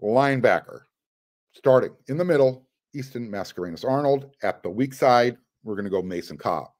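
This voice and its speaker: A man hosting a sports podcast, talking casually and excitedly as he runs through lineups. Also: mid-range voice, normal speed. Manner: excited, rattles off names. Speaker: podcast host.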